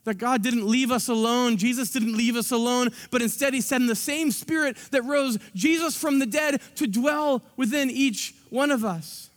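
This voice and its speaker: High-voiced man preaching in a reverberant hall. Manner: animated, acts out scenes with quick asides. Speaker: pastor. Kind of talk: sermon. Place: church sanctuary.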